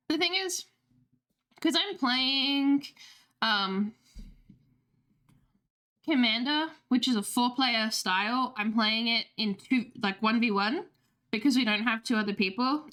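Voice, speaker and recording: A woman's voice: a little high, a bit bright. A young woman streaming, chatting casually with viewers, talkative and swearing freely with laughing asides. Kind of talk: casual livestream chat.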